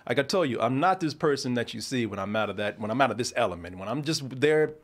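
A man's voice: medium pitch, fast. A man on a casual talk show, telling a story with lots of restarts and acting out both sides of the exchange. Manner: animated, acts out both sides of the conversation, frequent swearing and restarts. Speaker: podcast host telling a story.

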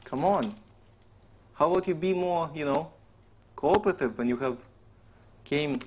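A man streaming a role-play game, commenting excitedly, swearing and laughing as he plays at his computer. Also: fairly high pitch, unhurried, slight background noise.

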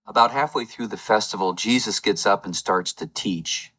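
A man preaching a Palm Sunday sermon, retelling scripture as a lively story with playful game-show asides. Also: fairly low pitch, moderate pace. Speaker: lay preacher.

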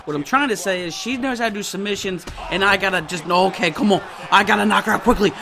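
A man commentating his own fighting-game match, excitable, yelping, laughing and swearing as he plays. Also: sits high, fast, vocal fry, crowd noise. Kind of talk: excited let's-play commentary. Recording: noisy background.

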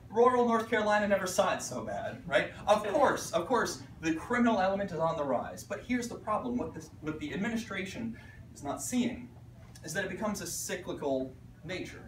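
A man from Pittsburgh, an art teacher giving an animated conference talk to fellow teachers, acting out voices and checking in with "right?" as he goes. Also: high voice, noisy background. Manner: animated storyteller, acts out voices, frequent "right?". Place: conference room. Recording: echoey room recorded from a distance.

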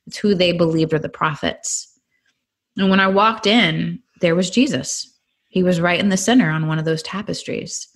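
A middle-aged woman from California, a guest on a podcast interview, telling her personal testimony in an earnest, animated way. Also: lowish voice, normal speed.

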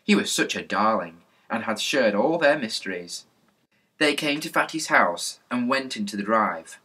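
A man reading a children's storybook aloud, lively and expressive. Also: lowish voice, breathy edge. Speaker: narrator reading a children's book.

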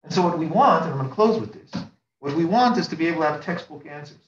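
A man's voice: on the high side, expressive, quick pace. Man lecturing rhetorically in an echoey room. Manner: rhetorical, repeats and builds phrases, emphatic rises. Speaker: rabbi teaching a class. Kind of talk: religious lecture. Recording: roomy, distant mic, dull sound.

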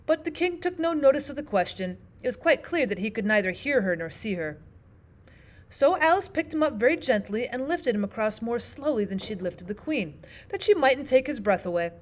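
Woman, teacher, audiobook narration, animated, higher voice. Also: normal speed. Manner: expressive, sing-song storytelling. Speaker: teacher reading aloud.

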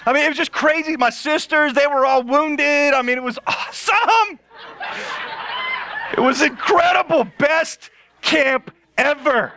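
A male pastor telling a funny story in a sermon, animated and laughing often. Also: extremely high pitch, a little slow, slight background noise.

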